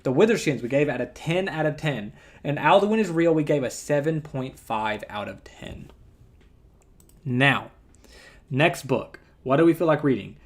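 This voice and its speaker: A man's voice: a little high, expressive, a little slow. A man with a rural twang chatting casually as a game streamer, rambling and correcting himself as he goes. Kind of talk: casual gameplay commentary.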